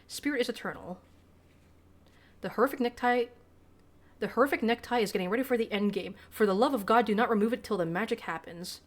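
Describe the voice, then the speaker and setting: A woman's voice: a little high, fairly quick. A woman streamer giving casual, profane, self-deprecating commentary while reading game text aloud.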